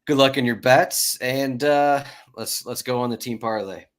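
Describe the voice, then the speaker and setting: A man hosting a sports betting podcast, talking in a relaxed, chatty way with many restarts. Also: medium pitch, unhurried. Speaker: podcast host. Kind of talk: casual chat.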